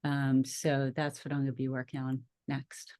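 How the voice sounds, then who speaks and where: A middle-aged woman with a low-pitched voice tells her story as a podcast guest. She talks in a chatty, lively way, laughing often and acting out her own past reactions. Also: moderate pace. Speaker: podcast guest, nurse and minister. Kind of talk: casual interview storytelling.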